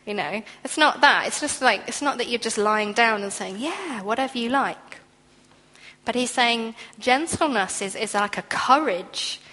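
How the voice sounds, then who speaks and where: A woman's voice: on the high side, lively intonation, unhurried, sharp tone. A woman preaching a sermon in an earnest, conversational way, now and then acting out quoted voices. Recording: long hall reverb.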